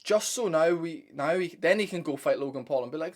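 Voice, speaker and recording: A man's voice: a little high, animated, a little fast. A young man hosting a fight-sports channel, giving a blunt, opinionated breakdown to his viewers. He rambles, restarts sentences and swears casually. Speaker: MMA commentary channel host.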